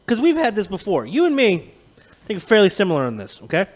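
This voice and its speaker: A man's voice: sits high, quick pace. A man co-hosting a podcast, telling rambling, profane stories in casual chat. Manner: profane, rambling, animated storytelling with laughs. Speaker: podcast co-host.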